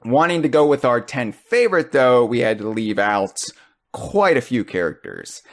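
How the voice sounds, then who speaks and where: A man hosting a casual podcast chat, joking around and jumping into high, excited bursts. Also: normal speed. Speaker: podcast host.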